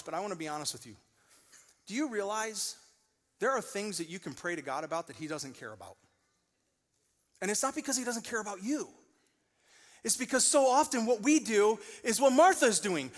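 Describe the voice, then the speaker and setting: Animated male preacher in a reverberant hall. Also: high-pitched, a little fast. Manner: animated storytelling, acting out voices in loud bursts. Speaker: pastor. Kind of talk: sermon. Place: large church auditorium.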